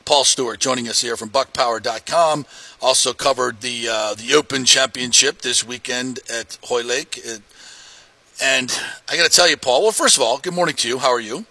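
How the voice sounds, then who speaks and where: A man hosting a local sports talk show and reading live ads, energetic and joking with loud emphatic delivery. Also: medium pitch, moderate pace, dry recording. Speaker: sports radio host.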